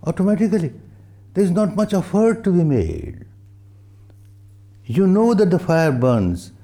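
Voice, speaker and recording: Gravelly older man giving a dharma talk. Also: high voice, big pitch swings, dark tone. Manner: slow, emphatic, repeats phrases for stress; chants Pali verses. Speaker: meditation teacher.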